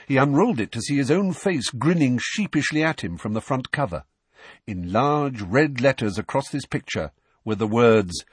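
A man reads a story aloud with a husky grain, his pitch moving in lively swings. The recording is dry and close, with no room sound. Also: moderate pace, no echo. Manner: expressive, storytelling. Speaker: audiobook narrator. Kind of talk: scripted narration.

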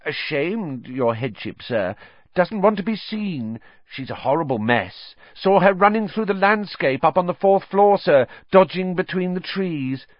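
A man's voice: sits high, lively intonation, measured pace, dry recording, pitched above the performer's own voice. A man voicing a gleeful, mischievous male poltergeist who talks in an oily, falsely sympathetic way, on a dull lo-fi audiobook recording.

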